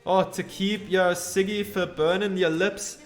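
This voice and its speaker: A man's voice: high-pitched, fairly even intonation, measured pace, soft background music. A man voicing a grumpy, exasperated male farmer in a put-on Scottish accent, talking in a blustering way full of broad dialect words. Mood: impatient.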